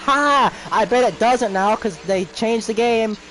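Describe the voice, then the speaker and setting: A man's voice: sits high, fairly even intonation, normal speed, a little hiss or hum. A young man streaming a racing game, ranting at other racers and repeating himself. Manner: repeats phrases over and over. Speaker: gaming streamer. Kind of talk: live gameplay commentary.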